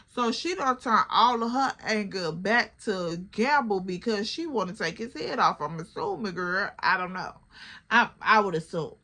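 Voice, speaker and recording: A young woman with a Chicago accent telling a story in a chatty, animated way to her viewers. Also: medium pitch, normal speed. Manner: animated, chatty, addresses the listener as girl. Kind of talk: casual storytime vlog.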